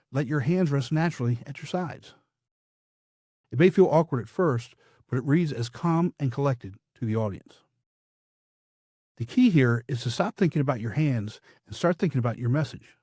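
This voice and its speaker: A man hosting a public speaking podcast, giving scripted, measured instruction with emphatic, downward-punctuated points. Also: mid-range voice, a little mellow, breathy edge, no room sound, clean studio sound.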